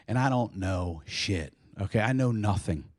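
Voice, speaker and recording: A young man performing a stand-up set about his daughter, jumping into a loud, high squealing voice when he acts out his own yelling. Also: expressive, moderate pace. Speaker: stand-up comedian. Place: comedy club stage.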